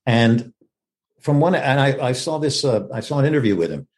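A man's voice: mid-range voice, animated, moderate pace, darkish tone. An older man, an actor, talking reflectively about acting in an interview and acting out quoted lines as he goes. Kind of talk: conversational interview.

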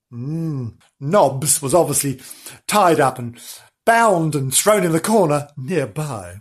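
A man's voice: on the high side, lively intonation, measured pace, slightly rough. A man reading a comic animal story aloud, breaking off into playful, giggly asides to the listener.

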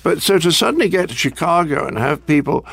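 A comedian in casual conversation, telling jokes and acting out their characters. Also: male voice, on the high side, expressive, fairly quick, gravelly, a bit bright, husky, dry recording. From England. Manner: storytelling, acts out joke characters.

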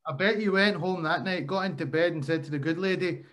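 Male host, enthusiastic fan, slightly high voice. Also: brisk, fairly bright tone. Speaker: interviewer. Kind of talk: casual interview.

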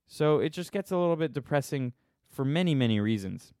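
A man's voice: on the high side, expressive, a little fast, darkish tone, no echo, clean studio sound. A man in his thirties hosting a podcast live stream from his phone, rambling casually in a joking, sarcastic, self-mocking way with many restarts.

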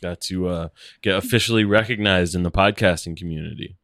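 A man's voice: sits low, a little fast, a bit bright, no echo, clean studio sound. A man co-hosting a podcast in casual chat, laid-back, laughing often and chiming in. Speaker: podcast co-host.

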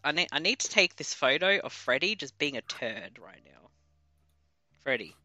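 A woman's voice: sits low, very animated, moderate pace, pushed and bright. A woman co-hosting a podcast, bantering playfully and laughing through a movie commentary. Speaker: podcast co-host. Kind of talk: casual movie commentary chat.

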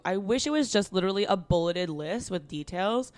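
A woman's voice: medium pitch, expressive, brisk, few pauses, darkish tone, dry recording. A woman co-hosting a podcast in frank, casual chat, leading the conversation. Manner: frank, chatty, leads the conversation. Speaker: podcast co-host.

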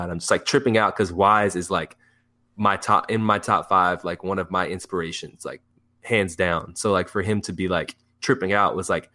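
Young guy guesting on a podcast, lowish voice, rambles w tons of "like"s, gets excited. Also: moderate pace. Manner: rambling, filler-heavy, excitable storytelling. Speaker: music producer guest. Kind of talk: casual podcast interview.

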